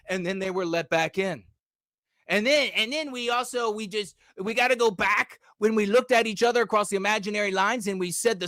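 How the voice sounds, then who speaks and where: Combative and foul-mouthed, a high-voiced man rants on his livestream, frequently building up to shouts. The recording is close-miked and dry, with no room echo.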